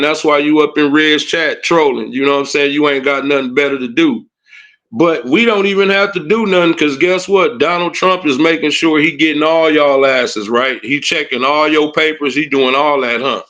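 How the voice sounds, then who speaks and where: A little high and fairly bright, this man's voice carries a casual livestream rant. He's a commentator who turns heated and taunting, with "you know what I'm saying" and "huh" on constant repeat.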